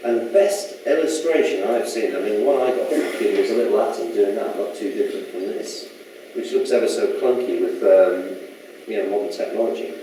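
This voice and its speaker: A man's voice: on the low side, brisk, hardly any pauses, mellow. Rambling man lecturing in an echoey hall. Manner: rambling, chatty, asks the audience questions. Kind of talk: casual public talk. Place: lecture room. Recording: echoey hall from far off with faint noise.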